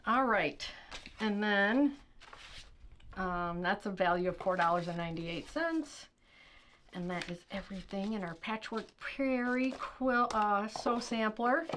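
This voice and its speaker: A woman's voice: medium pitch, measured pace, a little hiss or hum. Chatty woman unboxing quilting supplies. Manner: chatty, reads product blurbs aloud, thinks out loud with fillers. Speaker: quilting channel host. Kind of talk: casual unboxing chat.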